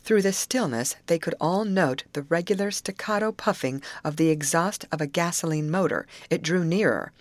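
A woman narrating an audiobook chapter in an even, measured storytelling manner. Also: on the low side, no room sound. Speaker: audiobook reader.

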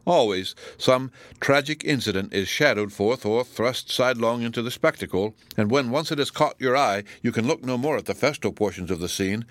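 Low-voiced man reading a classic novel. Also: dry recording. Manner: measured and formal. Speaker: audiobook narrator. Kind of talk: scripted narration of a classic novel.

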